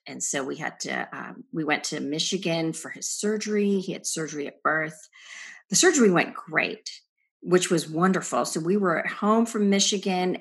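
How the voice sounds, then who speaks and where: A woman's voice: fairly low pitch, vocal fry, husky. A middle-aged woman, a podcast guest, earnestly telling her personal testimony in a reflective way. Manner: reflective, earnest storytelling with soft trailing phrases.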